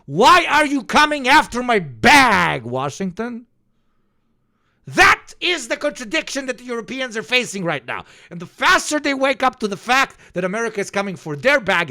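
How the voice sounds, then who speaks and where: A man streaming a profane, heated political rant, sweating and shouting at times. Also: sits high, dry recording, studio quality. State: sweating, flushed. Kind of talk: ranting political commentary.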